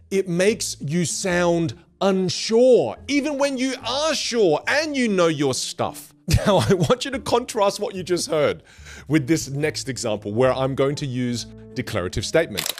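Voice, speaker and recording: Animated man teaching clearer speaking. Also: on the high side. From grew up in a Vietnamese and Chinese culture. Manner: animated, demonstrates rambling and fast talk on purpose. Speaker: speaking coach. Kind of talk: motivational speaking lesson.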